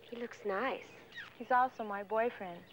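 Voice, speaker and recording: A woman's voice: fairly high pitch, measured pace, a little hiss or hum, pitched above the performer's own voice, lightly acted, low-quality recording. A young woman speaking lines in a 1970s film clip. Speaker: film characters, teenage orphan girls.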